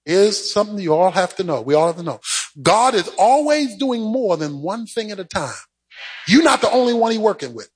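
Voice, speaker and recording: A man preaching a sermon, swinging between shouted, sing-song peaks and quieter stretches. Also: sits high, very animated, fairly quick, breathy edge, low-quality recording.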